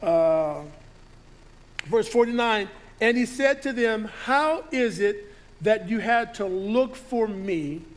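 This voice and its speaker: A man's voice: high-pitched, animated, slow. A man preaching to his congregation, reading scripture aloud and riffing on it with frequent restarts. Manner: reads scripture aloud and riffs on it, with many restarts. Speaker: pastor. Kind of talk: sermon.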